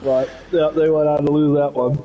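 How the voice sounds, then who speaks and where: A man in casual sports chat, excitable and swearing, laughing easily. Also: fairly high pitch, normal speed, dull audio.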